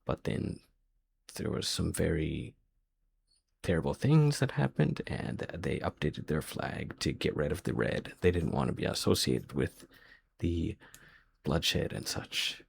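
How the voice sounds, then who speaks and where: A man's voice: extremely low pitch, expressive, measured pace, creaky, slight background noise. A man thinking aloud as he works through a quiz, hesitant and muttering guesses to himself. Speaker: quiz video host.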